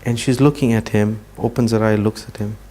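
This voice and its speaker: A man giving a talk to an audience, telling a story at an unhurried pace and dropping his voice to near-quiet at emotional moments. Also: lowish voice, fairly even intonation. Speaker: speaker at a training session.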